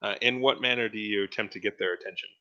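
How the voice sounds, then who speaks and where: A man narrating as game master in a relaxed, hesitant way with many fillers. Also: lowish voice, fast talker, muffled recording.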